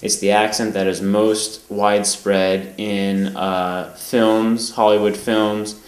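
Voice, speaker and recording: A man with a General American accent giving a calm, measured language lesson, pausing often with "um". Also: on the low side, reverberant, low-quality recording. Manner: calm, measured explaining with frequent "um" pauses. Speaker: language teacher. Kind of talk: explanatory lesson.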